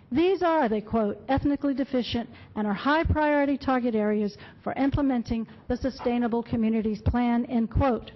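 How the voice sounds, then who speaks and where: A woman speaking at a public comment podium, delivering a prepared, impassioned and emphatic speech with quotations. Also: a little high. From Florida. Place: county commission meeting room. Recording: dull lo-fi public meeting audio.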